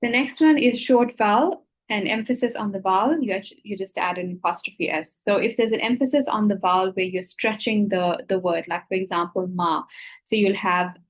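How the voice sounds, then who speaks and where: A woman teaching a class who explains each rule step by step. She pauses to ask whether it is clear before she goes on. Her tone is patient and plain. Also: medium pitch, rough recording. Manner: patient, repeats "okay?" to check understanding. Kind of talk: explaining grammar rules to students.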